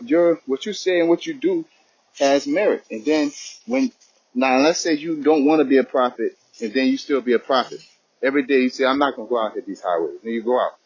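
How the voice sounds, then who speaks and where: A man's voice: a little high, a little mellow, breathy edge, lo-fi sound. A man giving an informal spoken religious lesson, talking conversationally and often asking "you know what I'm saying".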